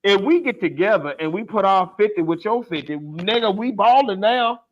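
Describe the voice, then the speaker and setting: High-voiced guy on a podcast, swooping all over, cussing and ranting for laughs. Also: expressive, moderate pace, dull audio. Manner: comedic, profane, exasperated ranting. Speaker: podcast co-host. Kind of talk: casual podcast rant.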